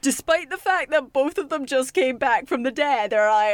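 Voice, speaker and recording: A woman's voice: high voice, expressive, moderate pace, no echo. A woman co-hosting a casual podcast, recapping a show with lots of laughter and casual swearing. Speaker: podcast co-host.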